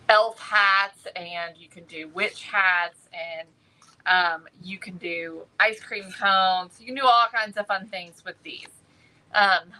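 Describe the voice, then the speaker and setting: A middle-aged woman hosts a live craft-shop stream showcasing products, chatting and answering viewer comments. Her mid-range voice is bright and forceful, and the recording is rough.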